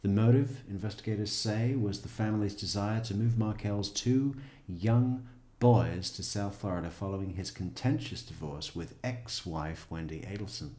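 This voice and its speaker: A man's voice: on the low side, normal speed, few pauses, dark tone, echoey room. A man reading a news article aloud as a true crime commentator, breaking in with wry, sarcastic asides.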